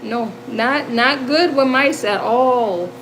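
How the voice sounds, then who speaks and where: A woman in her fifties talks to her stream audience in a relaxed, unhurried way, her voice sitting high. She tells her story chattily and laughs as she goes, and a faint hum runs underneath. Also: poor audio. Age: 50s. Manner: chatty, animated, laughs often, reads chat aloud. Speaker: livestream host. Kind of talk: casual storytelling chat. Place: home.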